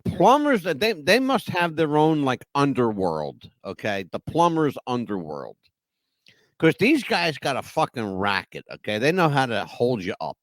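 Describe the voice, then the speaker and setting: A man's voice: mid-range voice, very animated, a little slow, no room sound. A man co-hosting a live podcast, chatting in a rowdy way, swearing freely and filling with "you know.". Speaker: podcast co-host. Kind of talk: live podcast chat reading chat messages.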